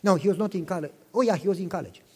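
A man's voice: high voice, rapid-fire, darkish tone, slightly rough. A pastor in his fifties preaching a sermon, telling personal stories with passion, repeating himself and asking listeners questions. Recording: long reverb in a hall.

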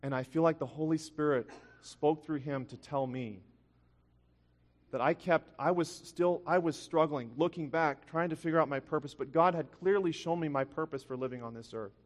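A man's voice: a little high, moderate pace. A man preaching a sermon, telling a personal story earnestly, with frequent restarts. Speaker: pastor. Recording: long hall reverb.

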